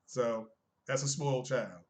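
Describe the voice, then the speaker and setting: A man's voice: medium pitch, unhurried. A man streaming casual commentary on tech and games, emphatic and chiding, asking his viewers rhetorical questions.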